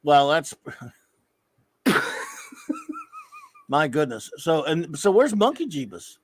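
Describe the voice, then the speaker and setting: A man with a fairly high voice rambles through casual live-stream chat, drifting from story to story and calling out to viewers in the chat. The sound is dry and close, with no room around it. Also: big pitch swings, takes it slowly, no echo. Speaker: co-host of a live fan show.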